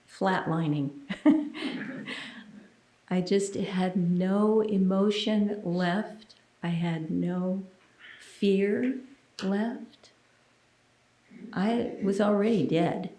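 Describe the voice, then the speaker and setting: A woman preaches at an unhurried pace, telling a personal testimony in an earnest, intimate way. Her voice sits at a middle pitch and now and then drops to a hushed near-whisper. The sound is roomy and echoey, as in a church sanctuary. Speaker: minister giving a sermon.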